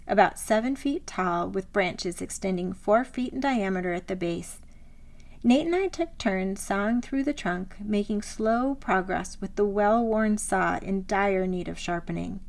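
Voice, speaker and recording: A woman author reading her own memoir aloud, in a measured, reflective style of scripted narration. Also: mid-range voice, darkish tone.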